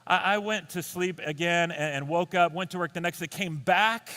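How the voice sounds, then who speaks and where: On stage, a male stand-up comedian tells a comic story in a high, bright voice. His delivery is animated and sharp in tone, lively and full of quick restarts.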